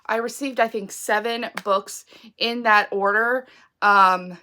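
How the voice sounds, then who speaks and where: A woman's voice: mid-range voice, sharp tone. A woman chatting casually about her book haul, sick with a froggy voice and full of ums and likes. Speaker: book vlogger.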